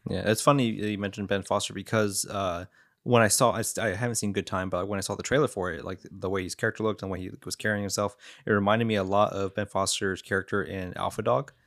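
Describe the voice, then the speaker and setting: A man's voice: fairly low pitch, steady tone, fast talker, vocal fry, a bit bright. A man co-hosting a podcast, easygoing in casual chat and laughing often. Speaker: podcast co-host.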